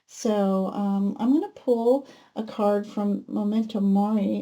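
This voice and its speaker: A woman giving a pick-a-card tarot reading, talking gently and spiritually with many pauses and fillers. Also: medium pitch, steady tone. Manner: gentle, unhurried, spiritual musing with many ums. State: emotional, close to tears at times. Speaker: tarot reader.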